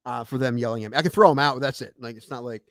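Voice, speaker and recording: A man's voice: medium pitch, very fast, no room sound, studio quality. A man in his thirties, a podcast co-host and umpire, telling stories in casual chat and acting out quoted voices. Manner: storytelling, animated quoted voices.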